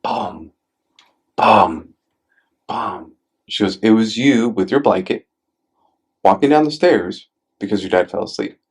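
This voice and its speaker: A man's voice: lowish voice, lively intonation, normal speed, a little mellow. A man hosting a podcast in a casual chat. He tells stories with many fillers and swears now and then, and acts out quotes in a raised voice. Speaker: podcast host.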